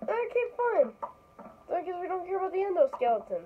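A woman chatting excitedly during a casual game role-play, with frequent exclamations, on a dull lo-fi recording. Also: very high voice, brisk, a little hiss or hum.

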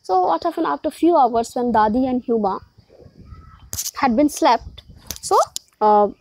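High-voiced woman teacher. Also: animated, a little slow, a little mellow, poor audio. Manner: repeats and explains with questions. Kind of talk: reading a story and explaining it to a class.

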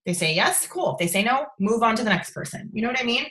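A woman's voice: on the high side, animated, quick pace, a bit bright, rough recording. A woman giving casual coaching to a sales team over a livestream, chatty and bubbly, often checking in with "okay?".

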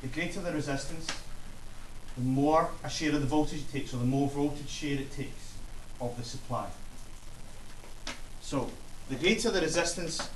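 A man's voice: fairly high pitch, normal speed, pauses often. A male science teacher giving a classroom lesson, explaining step by step and checking in with the class. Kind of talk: classroom instruction. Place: school classroom. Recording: echoey classroom, mic far off, faint hiss.

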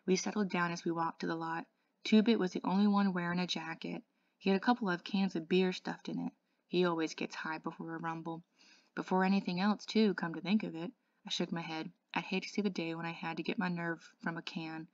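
A woman, an English tutor, reading a novel aloud in a steady voice, with small slips and restarts. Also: on the low side, fairly quick, dry recording, lo-fi sound.

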